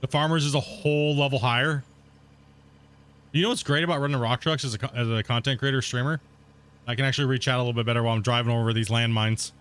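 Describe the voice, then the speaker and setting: Chatty gamer dude. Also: male voice, mid-range voice, fairly even intonation, fast, a bit bright, smooth. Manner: chatty, rambling, laughs often, says "dude". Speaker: gaming streamer. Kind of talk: casual let's-play commentary.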